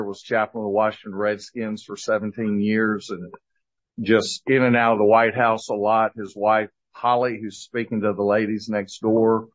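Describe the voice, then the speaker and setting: A man's voice: fairly low pitch, muffled recording. A man hosting a church men's gathering, introducing the guest speaker with admiring words. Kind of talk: formal introduction.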